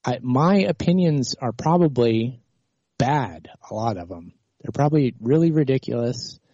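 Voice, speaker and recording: Exasperated male livestream host, dark dull sound. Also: medium pitch, expressive, moderate pace, no echo. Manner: exasperated, rants with many restarts. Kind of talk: heated political call-in argument, then rambling monologue.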